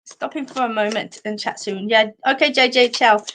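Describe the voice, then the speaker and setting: An Australian woman hosting a live stream of psychic card readings, talking in a warm, chatty way, full of fillers, and calling viewers sweetheart. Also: fairly high pitch, steady tone, normal speed, hardly any pauses. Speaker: psychic medium host.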